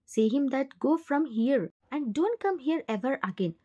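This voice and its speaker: A woman's voice: high voice, lively intonation, moderate pace, mellow. A woman voicing a heartbroken young woman who speaks in a tearful, accusing way. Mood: upset.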